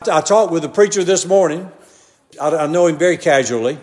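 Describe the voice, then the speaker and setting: Older male preacher, Southern drawl, fairly high voice, homely down-to-earth delivery with a long church echo. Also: brisk, a little mellow. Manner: homely storytelling, repeatedly addressing "brethren". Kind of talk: folksy conversational sermon. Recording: long reverb of a large hall.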